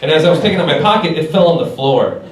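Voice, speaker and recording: A man's voice: a little high, animated, very fast. A man performing a stand-up comedy set on a club stage, telling stories animatedly and chuckling through his punchlines. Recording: echoey club from a distance, loud noise.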